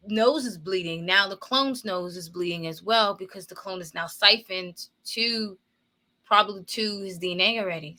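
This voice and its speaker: A woman's voice: lowish voice, bright, forceful tone. A woman casually recapping a movie scene, repeating herself and swearing freely, with a vernacular lilt. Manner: profane, repetitive, opinionated retelling. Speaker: movie commentator. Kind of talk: casual movie reaction commentary.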